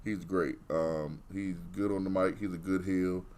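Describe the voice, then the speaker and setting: A man's voice: low-pitched, fairly even intonation, measured pace, darkish tone. A man co-hosting a podcast, giving blunt, opinionated takes in casual, profane chat. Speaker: podcast co-host.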